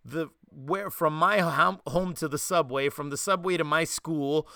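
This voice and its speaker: A man with a New York accent, hosting a podcast and telling animated stories in casual chat. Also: fairly high pitch, measured pace, gravelly, dry recording, studio quality. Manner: animated storytelling, slipping into quoted voices. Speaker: podcast host.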